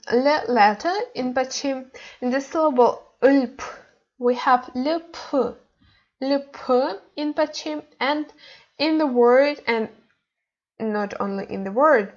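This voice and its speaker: A woman's voice: a little high, lo-fi sound. A woman teaching a beginner lesson, explaining step by step with many fillers and restarts. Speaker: language teacher.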